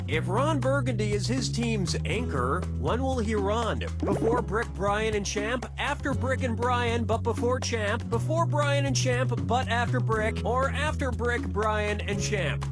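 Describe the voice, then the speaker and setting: A man playing a wisecracking game show host in a trivia video game, reading questions with quick, sarcastic patter. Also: high-pitched. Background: loud game music.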